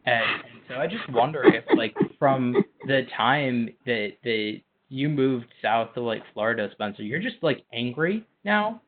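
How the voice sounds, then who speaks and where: A man's voice: mid-range voice, expressive, a little slow, hardly any pauses. A man co-hosting a podcast in casual chat, rambling with lots of filler words. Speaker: podcast co-host. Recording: tinny phone-like line.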